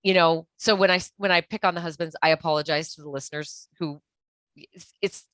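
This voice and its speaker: This is a woman's lowish voice, recorded close and dry on a podcast mic. She speaks as a guest expert and gives earnest, practical advice, restarting her sentences as she goes. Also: fairly even intonation, fairly quick, a bit bright, no echo. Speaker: guest expert on toxic relationships. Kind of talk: podcast interview.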